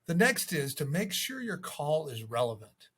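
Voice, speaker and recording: A man's voice: a little high, very animated, moderate pace, fairly bright tone, slightly rough. A man coaching real estate agents in a casual, conversational way, acting out sample voicemails. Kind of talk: casual video tips to camera.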